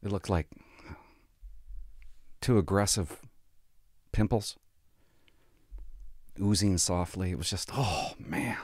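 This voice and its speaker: A man's voice: sits low, measured pace, long pauses, no echo, clean studio sound. A man, a police officer telling work stories in a blunt, sarcastic, profane casual vlog from a sparse home office.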